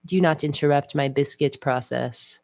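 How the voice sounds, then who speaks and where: A woman's voice: low voice, moderate pace, darkish tone. A woman voicing her female pet cat as fussy and haughty, speaking in a prim, bossy way. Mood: indignant.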